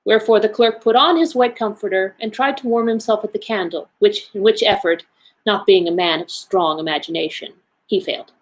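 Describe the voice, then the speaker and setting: A woman, a library associate, giving an expressive, measured read-aloud of a classic story. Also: mid-range voice, low-quality recording.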